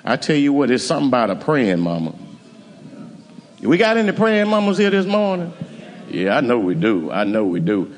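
Preaching pastor in a reverberant church. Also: male voice, wildly swooping pitch, moderate pace, a little hiss or hum. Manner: preaching, rising to high emphatic climaxes. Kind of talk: sermon. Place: church sanctuary.

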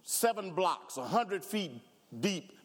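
High-voiced pastor preaching in an echoing hall. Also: male voice, lively intonation, takes it slowly. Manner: preaching with rising fervor, voicing imagined congregants and prayers. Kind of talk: sermon. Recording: reverberant hall.

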